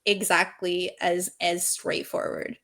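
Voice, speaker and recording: A woman's voice: fairly low pitch, flat delivery, slow pace, a bit bright. A woman author being interviewed on a video call, talking earnestly and expressively about her writing, laughing often and thinking aloud. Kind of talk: casual interview chat.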